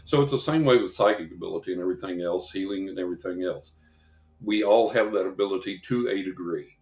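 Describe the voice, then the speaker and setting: A man guesting on a podcast as a psychic investigator tells rambling stories and acts out quoted voices. He talks quickly in a low, slightly mellow voice, and the room has an echo.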